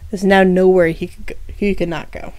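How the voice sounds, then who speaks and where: Lady reading her own story out loud, kinda low voice, dry close sound, stops to fix words. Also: little pitch movement, brisk, no room sound. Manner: reads aloud with small restarts and asides. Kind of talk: first-person story reading with voiced dialogue.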